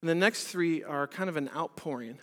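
At a church service in a reverberant hall, a pastor delivers an earnest sermon full of rhetorical questions, shifting between loud and hushed. His male voice is a little high and fairly quick.

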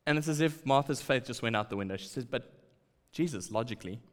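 A man preaching a sermon, acting out quoted lines and dropping to quiet asides. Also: mid-range voice, a little fast, smooth. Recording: long hall reverb.

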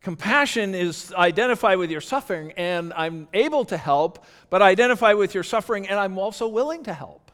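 Man, pastor, sermon, high voice, earnest, conversational, restarts, reverberant hall. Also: animated, a little fast, few pauses, fairly bright tone.

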